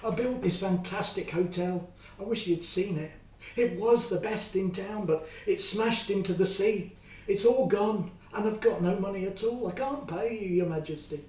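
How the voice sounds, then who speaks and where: A man doing a loud, pleading debtor. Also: sits high, normal speed, roomy sound, far from the mic, a little hiss or hum, pitched above the performer's own voice, lightly acted. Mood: desperate. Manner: pleading, then bossy and demanding. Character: worried man deep in debt.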